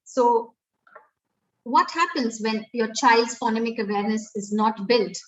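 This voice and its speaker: A woman's voice: fairly high pitch, fairly even intonation, unhurried, fairly bright tone, muffled recording. Distant Indian woman teaching phonics. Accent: Indian English. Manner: explains step by step, often restarting and saying "uh" and "um". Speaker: pre-primary educator giving a webinar. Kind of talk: webinar talk.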